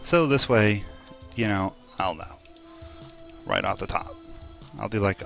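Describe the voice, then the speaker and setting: A young man rambles through a video game playthrough, cracking jokes and teasing the characters. His voice sits low with a gravelly rasp. Soft music plays underneath. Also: expressive, unhurried. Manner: joking, rambling, laughs at himself. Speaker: let's play host. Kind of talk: casual gameplay commentary.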